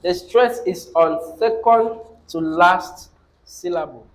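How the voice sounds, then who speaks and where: A male teacher with a Nigerian English accent and a high voice leads a classroom lesson. He talks at a slow, measured pace, dictating each rule and repeating it for note-taking. Between rules he quizzes his students with short questions. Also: rough recording.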